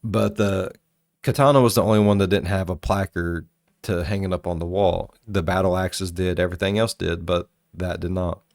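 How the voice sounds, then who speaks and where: Deep-voiced man telling stories, dry sound. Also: normal speed, vocal fry, dry recording. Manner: profane, rambling and animated. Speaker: reaction video host. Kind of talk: casual storytelling commentary.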